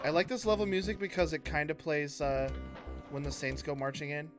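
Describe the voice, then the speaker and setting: A man's voice: fairly high pitch, brisk. A man playing a retro shooter on a live stream, chatting casually and joking, sometimes swearing. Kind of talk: casual gaming chat. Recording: game music behind the voice. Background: game music.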